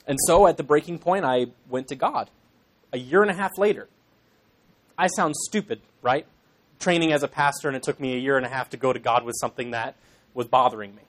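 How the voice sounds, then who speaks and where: A man's voice: mid-range voice, a little fast. A young Irish man in his twenties, a pastor in training, preaching a sermon to a congregation in an earnest, emphatic way with self-deprecating asides.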